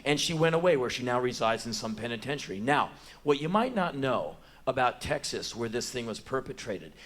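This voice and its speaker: An American man in his forties performs live spoken word, telling stories on a theater stage in an emphatic, deadpan way. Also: medium pitch, fairly quick. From United States. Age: 40s.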